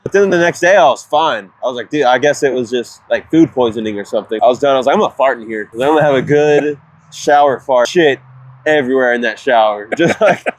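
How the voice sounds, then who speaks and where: A man's voice: medium pitch, fast, no echo. Laid-back young man telling gross stories. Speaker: podcast co-host. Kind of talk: crude casual chat.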